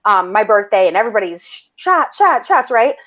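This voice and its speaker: A middle-aged woman from the area, telling a wild story in a loud, animated, swearing way with lots of laughing. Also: mid-range voice, a little fast. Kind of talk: casual storytelling. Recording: dull lo-fi sound.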